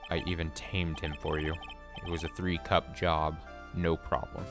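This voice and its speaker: A man voicing a calm, smug male prosecutor in a low, smooth, unhurried voice, over game music. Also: close to an everyday voice. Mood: cool.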